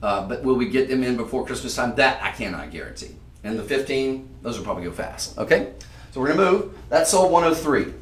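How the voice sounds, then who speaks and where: A man's voice: medium pitch, expressive, brisk, roomy sound, recorded from a distance, a little hiss or hum. Chatty male shopping-channel salesman. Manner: chatty, emphatic salesman addressing viewers directly. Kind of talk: live-stream jewelry sales pitch.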